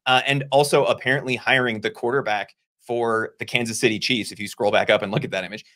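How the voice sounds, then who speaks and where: A man co-hosting a casual discussion show, explaining points in a conversational way with quick asides. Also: mid-range voice, steady tone, pushed and bright. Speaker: podcast co-host.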